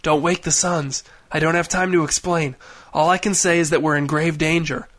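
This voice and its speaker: A man voicing a grave, secretive older man who speaks in urgent, clipped, hushed phrases. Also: a little high, steady tone, normal speed, natural voice.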